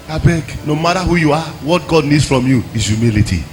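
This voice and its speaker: High, lively preacher. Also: male voice, quick pace, soft background music. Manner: animated storytelling, swinging from quiet asides to shouted exhortation. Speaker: pastor. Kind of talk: sermon with personal stories.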